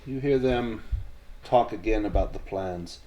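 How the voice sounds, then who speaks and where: A man narrating a tabletop horror game as game master, measured and descriptive, with frequent restarts. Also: fairly low pitch, dark tone, slight background noise.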